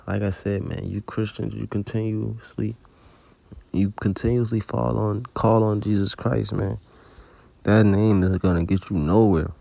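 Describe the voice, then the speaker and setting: A man's voice: fairly low pitch, fairly even intonation, a little slow, vocal fry, warm tone, dry recording. A man giving an informal religious testimony, telling a dream in colloquial, profanity-laced storytelling. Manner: colloquial storytelling with heavy cursing. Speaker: religious teacher recounting a dream.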